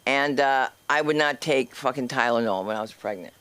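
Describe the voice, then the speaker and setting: On a comedy club stage, a woman hosting an open mic night chats and teases the crowd in casual banter before hyping up the next act. Her bass voice is a bit bright with a clean tone, she speaks at normal speed, and there's no echo.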